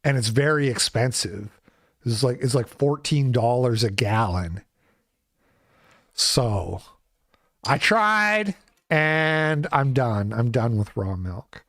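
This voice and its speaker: A man's voice: mid-range voice, slow pace, no echo, studio quality. A man hosting his own show, ranting in casual commentary with a sarcastic edge. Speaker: show host.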